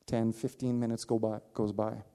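A man preaching, telling a personal story with animated delivery, acting out the voices of others and laughing at himself. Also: lowish voice, normal speed. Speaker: pastor. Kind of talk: sermon storytelling.

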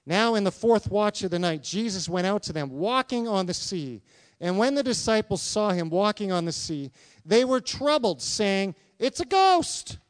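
Lively high-voiced male preacher, crisp and dry. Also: moderate pace, dry recording. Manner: animated, talks to congregation with questions, acts out quotes. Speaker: pastor. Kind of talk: sermon.

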